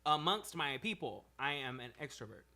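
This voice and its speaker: A man, chatting casually on a podcast and telling profane, animated stories. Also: mid-range voice, moderate pace. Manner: profane, animated storytelling with put-on quotes. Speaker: podcast guest. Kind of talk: casual chat.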